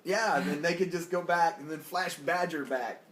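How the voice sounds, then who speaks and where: A man's voice: on the high side, moderate pace, a bit bright. A man co-hosting a casual TV review chat, rambling and joking in a laid-back way. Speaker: podcast co-host. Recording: echoey room with faint noise.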